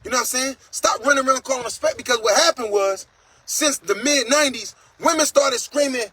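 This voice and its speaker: A man's voice: very high-pitched, fairly quick, pushed and bright, rough recording. A man hosting a casual livestream monologue, talking in a blunt, profane and preachy way, reading out viewer comments. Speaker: host.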